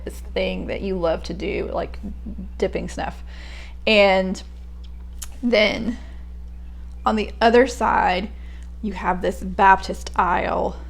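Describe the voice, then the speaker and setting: A young woman with a slow, gravelly, mid-range voice reads and comments on poetry in a casual spoken analysis. She thinks aloud hesitantly, full of fillers and restarts.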